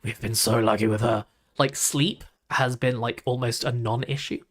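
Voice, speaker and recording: A man's voice: mid-range voice, steady tone, normal speed. A young man, chatting casually while reacting to videos, rambling with lots of "like" and restarts.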